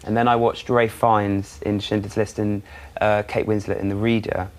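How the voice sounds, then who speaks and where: A man chatting as a guest on a morning TV show, halting with many restarts and fillers. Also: on the low side, level tone. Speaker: guest performer. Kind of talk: casual chat.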